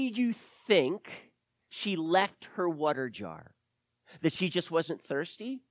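Emphatic preacher man, lively voice. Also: on the high side, takes it slowly, no room sound. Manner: emphatic, repeats phrases for stress. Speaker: pastor. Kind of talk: sermon with scripture reading.

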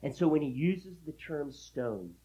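Husky, animated male preacher. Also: a little slow, low-quality recording. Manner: emphatic preaching with big swings in pitch and loudness; repeats key phrases for emphasis. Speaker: pastor. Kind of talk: sermon.

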